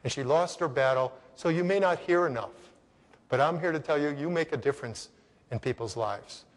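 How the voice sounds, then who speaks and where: A man from Connecticut giving an animated storytelling keynote, speaking straight to the audience and acting out the people in his story. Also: on the high side, normal speed. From Connecticut, USA. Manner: animated, acts out voices, addresses the audience directly. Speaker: motivational speaker. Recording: long reverb of a large hall.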